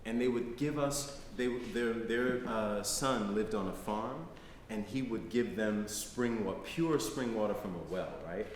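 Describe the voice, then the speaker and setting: Middle-aged male lecturer, conversational storyteller, lower voice, recorded in a reverberant hall. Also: a little slow, hardly any pauses. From United States. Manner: conversational, frequent "right?" tags. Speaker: guest lecturer. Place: lecture hall, live audience. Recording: echoey hall, faint noise.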